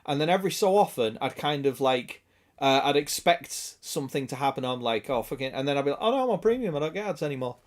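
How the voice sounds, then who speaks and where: A man's voice: medium pitch, fast talker. A man with a British accent chatting casually on a gaming stream, sweary and chuckling as he talks to his viewers.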